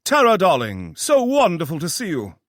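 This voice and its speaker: A man's voice: sits high, huge pitch swings, fairly bright tone, no echo, studio quality, voice pushed up, heavily acted. A man voicing an eccentric, flamboyant weapons scientist with a New York accent who slips into a fake posh British voice. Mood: pompous, theatrical. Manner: fast-talking, theatrical, switches to a fake posh British put-on. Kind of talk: audiobook character voice.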